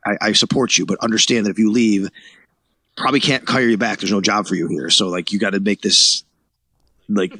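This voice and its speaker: A man in his forties, a guest on an interview podcast, telling his story in an animated way and acting out what others said. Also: on the low side, husky, dry recording. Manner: animated storyteller who acts out quotes, laughs. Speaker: guest, sports radio reporter.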